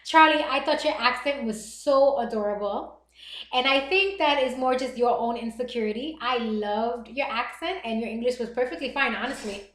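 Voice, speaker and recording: A middle-aged woman with a Puerto Rican Bronx accent, chatting fast and reassuringly as a livestream host reading viewer comments. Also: on the high side, fairly bright tone, reverberant. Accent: Puerto Rican Bronx New York. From the Bronx, New York.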